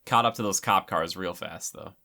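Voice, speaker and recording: A man with a low voice talks his way through a movie in relaxed, rambling commentary. He leans on filler words and reacts as he goes, close to the mic. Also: moderate pace, creaky. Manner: chatty and rambling, with many fillers. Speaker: film commentator. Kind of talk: casual film commentary.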